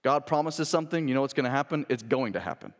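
A man's voice: mid-range voice, lively intonation, quick pace, big-room sound. A young adult man, a pastor, preaching a sermon in a conversational, emphatic way, full of rhetorical questions.

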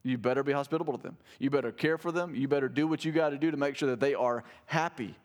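A man preaching a sermon as a pastor, reading scripture aloud with rising, animated emphasis. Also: medium pitch, fast talker. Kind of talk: expository sermon.

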